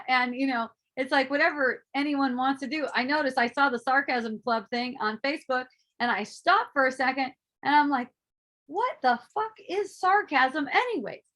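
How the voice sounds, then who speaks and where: Woman, high-pitched, spiritual teacher in casual talk, animated, playful, swears. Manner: animated, swearing, acting out her own inner voices, laughing often.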